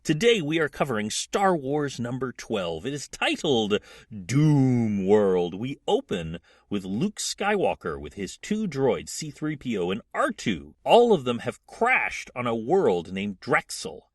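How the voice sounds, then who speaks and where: Man, podcast host, storytelling retelling, husky tone, dry close sound. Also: mid-range voice, a little slow, dry recording. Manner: animated storyteller, acts out quotes. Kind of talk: comic book retelling.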